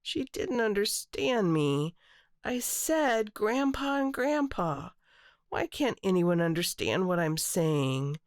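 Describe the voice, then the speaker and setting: Lady doing a shy little girl, high small teary voice, dry close sound. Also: very animated, slow pace, dry recording. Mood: tearful. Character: upset shy little girl, timid then excited.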